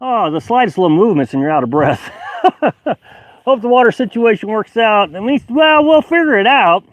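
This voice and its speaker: A man's voice: high voice, lively intonation, normal speed, no echo. A man hosting a casual outdoor live stream, reading chat aloud and rambling with many fillers and restarts. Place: outdoors at a high-altitude campsite.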